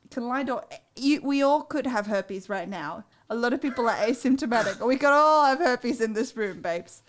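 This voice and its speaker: Profane, animated woman co-host in casual chat, pitched somewhat high. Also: moderate pace. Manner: blunt, profane, animated storyteller. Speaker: co-host of a dating advice show.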